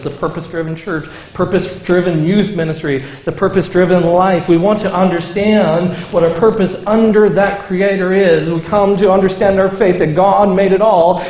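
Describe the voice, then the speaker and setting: A man preaching a sermon, swinging between emphatic declarations and casual asides to his listeners. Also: sits high. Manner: emphatic, rising to forceful declarations, then conversational asides to the congregation. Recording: echoey room.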